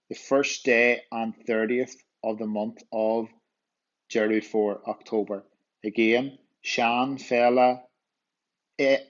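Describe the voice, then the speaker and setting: A male teacher with a Northern Irish accent, slowly walking students through vocabulary and repeating words to drill them. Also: medium pitch. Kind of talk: walkthrough lesson explaining vocabulary. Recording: dull lo-fi voice recording.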